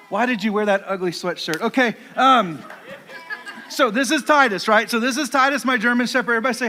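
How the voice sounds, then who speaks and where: Casual male youth preacher, high bright voice, chatty with many fillers, hall reverb. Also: brisk, a faint crowd. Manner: talks to his dog in low soft commands. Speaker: youth pastor. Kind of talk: sermon.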